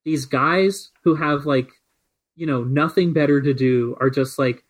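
A man's voice: fairly high pitch, unhurried, low-quality recording. A man co-hosting a casual podcast chat, rambling with many filler words. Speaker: podcast co-host.

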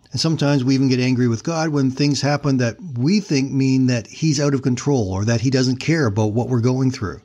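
An earnest man tells a sermon story at an easy, steady pace. His voice sits at a middling pitch, and he moves from the tale into the lesson without fuss. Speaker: preacher.

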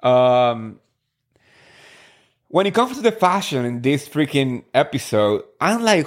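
A man's voice: mid-range voice, big pitch swings, slow, pauses often. A man in his thirties hosting a casual recap podcast, chatting in a gossipy way and firing off rhetorical questions. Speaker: podcast host. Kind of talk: casual reality-TV recap chat.

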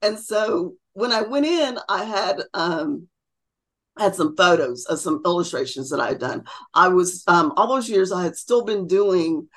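A woman's voice: on the low side, animated, measured pace. Chatty middle-aged woman telling stories. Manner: chatty, acts out quoted voices. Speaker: podcast guest. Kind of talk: casual interview storytelling.

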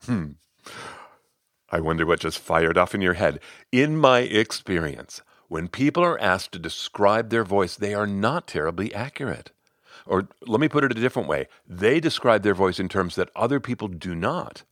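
A man's voice: on the low side, animated, moderate pace, fairly bright tone, no echo, clean studio sound. A man, a voice coach and podcast host, narrating and talking to listeners in a conversational, playfully demonstrative way.

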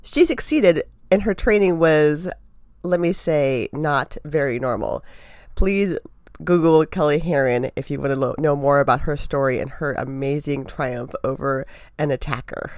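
A woman hosting a podcast and interviewing a guest, upbeat and expressive, a running coach by trade. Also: low voice, measured pace, dry recording, studio quality.

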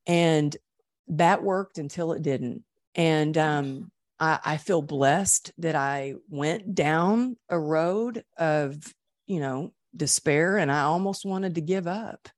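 Woman, middle-aged, low voice, earnest, emotional, interview guest, dry close sound. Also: a little mellow, no echo. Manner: earnest, emotional, many restarts. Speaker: guest sharing her recovery story. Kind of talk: candid interview conversation.

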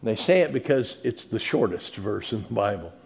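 A male pastor preaching in a conversational way, repeating words and swinging between soft, quiet passages and louder, emphatic ones. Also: lowish voice, animated, normal speed, gravelly. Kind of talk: sermon.

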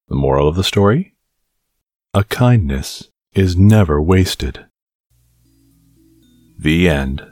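A man hosting a sleep podcast, reading a bedtime story in a calm, measured, scripted narration. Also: deep voice, dry recording, clean studio sound.

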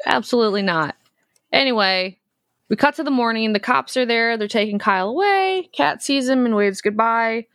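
A woman in her thirties co-hosting a podcast, recapping a horror film in a lively, profane, joking way. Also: a little high, normal speed, clean tone, dry recording, clean studio sound. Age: 30s. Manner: profane, animated storytelling. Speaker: podcast co-host.

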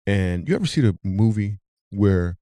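A man hosting a podcast, telling a comic story with animated delivery. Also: moderate pace, no echo, clean studio sound. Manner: animated, jumps high when telling the punchline. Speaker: comedian and podcast host.

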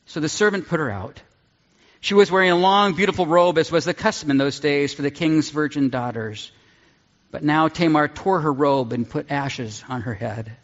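A man preaching a sermon and reading scripture aloud, earnest and deliberate, dropping low on key words. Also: fairly bright tone. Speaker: pastor. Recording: dull sound in a large reverberant hall.

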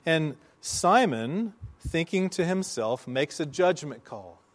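A man preaching a sermon, telling a story with slow, emphatic phrasing and dramatic pauses. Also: on the high side, lively intonation. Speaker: pastor.

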